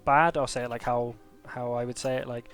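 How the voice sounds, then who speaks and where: A man chatting casually as a player in a tabletop game, thinking out loud about his plans. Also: mid-range voice, steady tone, a little fast, smooth, soft background music.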